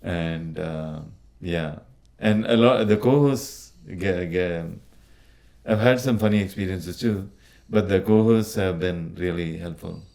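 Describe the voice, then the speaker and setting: A man with an Indian accent, a podcast guest talking casually, often pausing and restarting. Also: low voice, vocal fry, darkish tone. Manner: hesitant, many restarts and fillers. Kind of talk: casual conversation.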